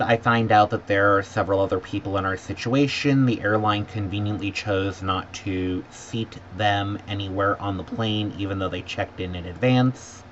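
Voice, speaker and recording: A man with a lowish voice rants about a trip gone wrong in an exasperated, sarcastic vlog. He sometimes mimics other people in a higher pitch. The audio is dull and lo-fi, with a faint noise underneath. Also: a bit bright. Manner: sarcastic, mimics airline staff in high voices. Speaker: vlogger. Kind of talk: exasperated travel rant.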